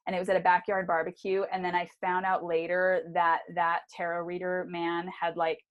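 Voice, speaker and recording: A woman co-hosting a podcast, telling stories in animated casual chat with fillers. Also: lowish voice, moderate pace, muffled recording. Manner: animated storytelling with fillers and laughs. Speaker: podcast co-host.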